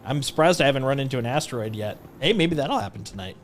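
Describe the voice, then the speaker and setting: A man's voice: medium pitch, animated, fast, a little hiss or hum. A man streaming a game live, chatting in a rambling, playful way with lots of jokes and self-restarts. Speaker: livestreamer. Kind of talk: casual gameplay commentary.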